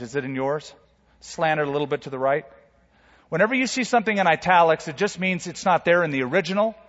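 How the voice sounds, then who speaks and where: A man preaches with a fairly high voice, swinging from hushed asides to loud, pointed lines. His voice rings out with a long reverb from a big hall. The sound is a little dull and muffled. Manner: dramatic preaching with sudden loud and soft swings. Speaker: pastor. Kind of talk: sermon.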